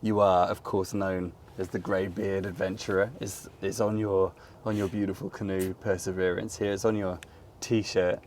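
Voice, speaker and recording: A man in his forties with an English accent, hosting a casual interview, quick to laugh. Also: sits low, little pitch movement, darkish tone, a little hiss or hum. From England. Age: 40s. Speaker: host, interviewer.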